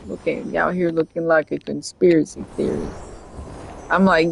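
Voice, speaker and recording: A man's voice: fairly high pitch, steady tone, moderate pace, creaky, slight background noise. A young man streaming a video game, chatting in a rambling, jokey way and laughing often. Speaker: livestreamer. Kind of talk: casual gameplay commentary. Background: faint game music.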